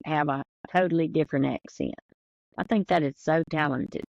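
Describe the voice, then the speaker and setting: Southern woman with a drawl, gravelly. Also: low-pitched, steady tone, normal speed, a little mellow, no room sound, lo-fi sound. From American South. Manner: chatty storyteller with a drawl. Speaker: podcast co-host, hairstylist. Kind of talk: casual chat.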